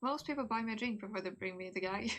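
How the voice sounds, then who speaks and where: A woman's voice: medium pitch, normal speed, fairly bright tone, natural voice. A woman voicing a sarcastic captive convict. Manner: sarcastic, scornful. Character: defiant mouthy female convict prisoner.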